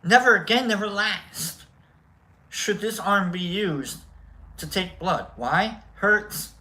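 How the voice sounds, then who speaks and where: A man's voice: high-pitched, animated, slow, pushed and bright, low-quality recording. A man hosting a casual livestream, telling a rambling, self-deprecating story with jokes. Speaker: livestream host.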